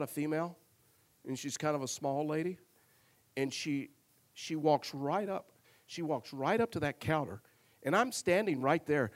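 Earnest, fairly high-voiced male pastor. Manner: earnest storytelling with humor, frequent repeated words. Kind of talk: sermon.

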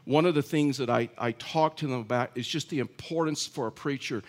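A middle-aged pastor with a mid-range voice delivers a conversational sermon at a brisk pace. He tells stories in a chatty way, restarting his sentences often.

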